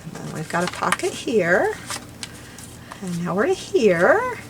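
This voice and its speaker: A woman's voice: medium pitch, wildly swooping pitch, measured pace, noisy background. An older woman chatting casually and rambling as she works on a craft journal, laughing lightly now and then. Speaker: crafting vlogger. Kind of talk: casual chat while crafting.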